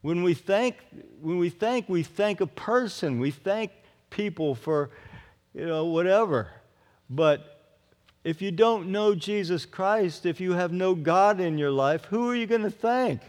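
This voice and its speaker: Slow, earnest preacher man in a reverberant hall. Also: high-pitched, lively intonation. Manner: earnest, emphatic, repeats phrases. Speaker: pastor. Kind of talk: sermon. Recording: long reverb of a large hall.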